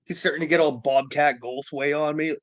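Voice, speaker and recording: A man's voice: fairly high pitch, steady tone, a little fast. A man hosting a live stream who tells a long comedic story in a rambling, profane, emphatic way.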